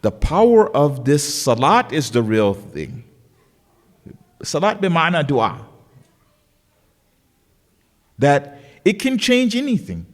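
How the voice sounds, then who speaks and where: A man delivers a sermon with a lively, swooping voice that sits a bit high for a man. He tells the story vividly and acts out each voice in the quotes. His voice rings with a long reverb through the lecture hall. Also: unhurried. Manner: storytelling, acting out voices in quotes with big pitch swings. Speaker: sheikh giving a religious lecture. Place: lecture hall of a learning center.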